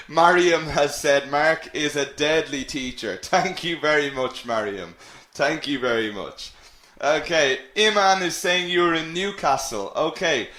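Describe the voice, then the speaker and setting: A man's voice: a little high, sharp tone, echoey room. An Irish man teaching English in a live webinar, upbeat and encouraging, repeating key phrases. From Ireland.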